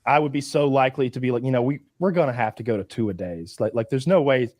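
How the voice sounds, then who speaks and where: A man's voice: mid-range voice, fast, a little mellow, no echo, studio quality. Man rambling through a podcast story. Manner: rambling storyteller, swears freely. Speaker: podcast host. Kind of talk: casual podcast chat.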